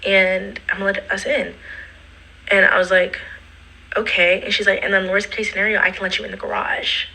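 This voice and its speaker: Young woman doing a storytime, super bright voice kinda husky, acts out everyone, whispers asides. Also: mid-range voice, normal speed, poor audio. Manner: animated, acts out quotes, drops to whispered asides. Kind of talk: casual storytime retelling.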